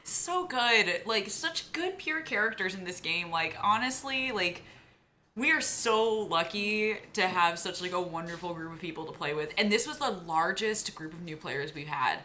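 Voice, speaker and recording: Young woman vlogging, gushy and chatty, says like a lot, bright crisp tone. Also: fairly low pitch, expressive, moderate pace, slight background noise. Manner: gushing, heavy use of "like". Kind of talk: casual chat.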